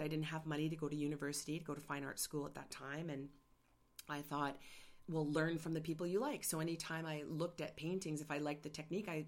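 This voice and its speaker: Low-pitched middle-aged woman host, candid and emotional, personal storytelling. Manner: candid, emotional, gets choked up. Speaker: podcast host and artist.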